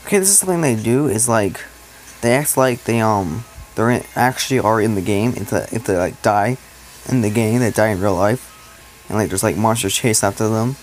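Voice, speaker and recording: Hosting a reaction video with music running underneath, a man speaks a little fast in a lowish voice, with a slight hiss or hum on the audio. His casual commentary rambles and mocks, peppered with "like."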